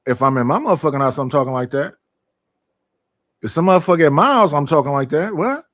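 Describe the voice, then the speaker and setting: Middle-aged man, ranting, profane, rhetorical questions, fairly high voice, dry close sound. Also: big pitch swings, fast talker, no echo. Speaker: streamer. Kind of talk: casual ranting monologue.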